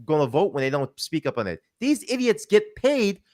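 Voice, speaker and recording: A man's voice: on the high side, very animated, moderate pace, darkish tone. A man delivering a heated, profane commentary rant, emphatic and mocking as he quotes people he disagrees with.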